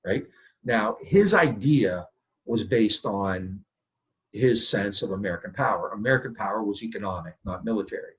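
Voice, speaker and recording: Guy professor giving a history lecture, kinda low husky voice, keeps saying right?, lots of uh's. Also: rough recording. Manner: conversational, asks the class rhetorical questions, frequent "right?"; restarts and "uh" fillers, loud bursts on key points. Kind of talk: university lecture.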